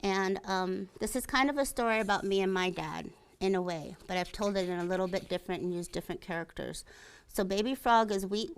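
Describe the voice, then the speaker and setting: A woman storyteller reading stories aloud in a library, slow and careful. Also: medium pitch, smooth.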